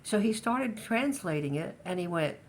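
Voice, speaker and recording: A woman's voice: mid-range voice, expressive, normal speed, slight background noise. An older woman telling her life story in a casual family interview, hesitant, with many restarts and fillers.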